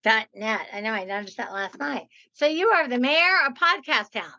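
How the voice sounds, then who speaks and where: A woman's voice: on the high side, moderate pace, pushed and bright, muffled recording. A woman in her sixties hosting a podcast interview, chatty and playful, with a lot of "like". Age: 60s. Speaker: podcast host. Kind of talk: casual interview.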